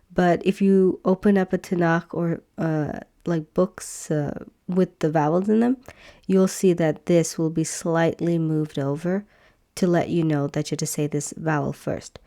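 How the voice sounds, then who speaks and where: Woman walking beginners thru letters over slides, patient, low-ish mellow voice, says sounds twice. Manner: patient, repeats sounds slowly, many fillers. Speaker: teacher.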